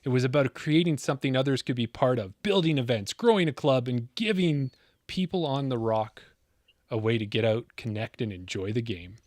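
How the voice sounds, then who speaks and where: A man's voice: mid-range voice, darkish tone, no room sound, clean studio sound. Theatrical male podcast host. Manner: theatrical storytelling with big pauses. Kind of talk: dramatic scripted narration and casual chat.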